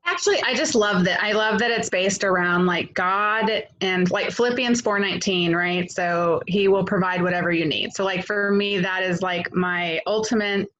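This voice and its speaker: A woman's voice: medium pitch, normal speed, hardly any pauses, a bit bright, low-quality recording. Enthusiastic woman on a video call. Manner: enthusiastic, says like a lot. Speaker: team member on the call. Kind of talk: casual chat.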